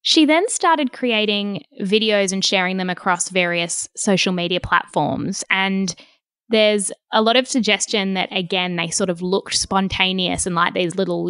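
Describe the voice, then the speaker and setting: A woman podcast host asking measured interview questions. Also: fairly low pitch, fairly bright tone, clear, resonant tone, no room sound.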